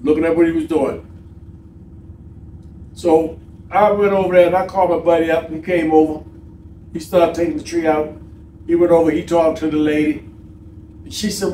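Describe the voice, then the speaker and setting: A vlog co-host with a voice on the high side speaks at normal speed, pausing often, as he shares stories and animatedly acts out the people in them. The casual chat is captured by a distant mic in an echoey room with faint noise.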